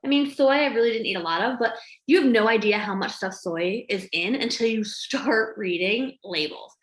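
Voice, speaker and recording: A woman talks to camera from home in a lively, chatty way, slipping into the voices of herself and others as she tells it. Her voice sits a bit high. The room around her is echoey. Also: normal speed. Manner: animated, acts out her own quotes. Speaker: health coach. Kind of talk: casual chat to camera.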